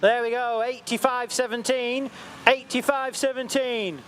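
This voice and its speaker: A man giving excitable, jokey live commentary at an outdoor event. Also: very high voice, unhurried. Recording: faint outdoor background noise.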